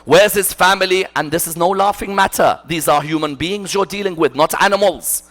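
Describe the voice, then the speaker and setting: A man giving an impassioned religious lecture, asking rhetorical questions and swinging between loud emphasis and hushed asides. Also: high voice, a little fast. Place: mosque hall.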